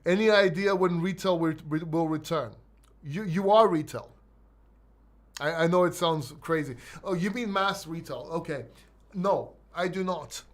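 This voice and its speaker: A man's voice: a little high, moderate pace. A man with a mixed London and Greek accent hosting a live crypto Q&A. He answers chat questions bluntly and emphatically, swears, and often repeats himself or restarts. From born in London, raised in Greece. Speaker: crypto livestream host.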